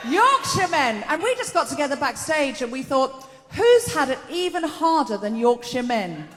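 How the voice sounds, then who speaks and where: A woman's voice: sits high, sing-song, moderate pace, slight background noise. A woman hosting a live comedy show, announcing acts with theatrical flair on a large stage. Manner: theatrical, shouts introductions. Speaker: host introducing acts. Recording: theatre reverb, loud crowd, music.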